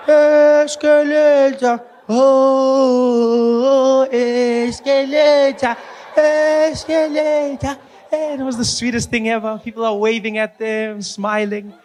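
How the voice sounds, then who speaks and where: A man with a South African accent doing animated stand-up storytelling, acting out the people in it. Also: high-pitched. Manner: animated, playful, acts out characters. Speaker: stand-up comedian.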